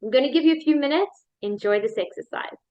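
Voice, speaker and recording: A woman's voice: high voice, fast talker, darkish tone, dull audio. A woman life coach guiding a motivational workshop video, upbeat and leading repeat-after-me chants.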